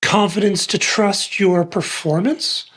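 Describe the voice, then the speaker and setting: A man's voice: high voice, fairly even intonation, takes it slowly, fairly bright tone, husky. A man co-hosting a music talk show, a songwriter himself, rambling and playful with many fillers. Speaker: co-host, songwriter. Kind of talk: conversational interview.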